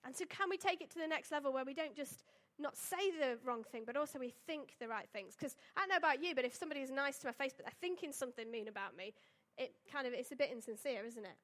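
Young woman, high voice, chatty storytelling sermon style. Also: fast talker, hardly any pauses, fairly bright tone. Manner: chatty, storytelling, with tag questions and fillers. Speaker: preacher. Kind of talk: casual sermon.

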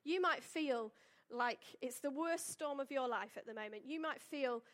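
A woman's voice: high voice, moderate pace, a bit bright. A woman giving a chatty, informal sermon to a church congregation and reading a Bible passage aloud. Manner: chatty, conversational, with fillers and asides. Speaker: church speaker.

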